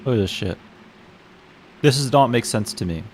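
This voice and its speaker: A man's voice: medium pitch, animated, normal speed, darkish tone, a little hiss or hum. A young man streaming a game, chatting casually in a rambling way, laughing, swearing and restarting his sentences. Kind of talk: casual gaming stream commentary.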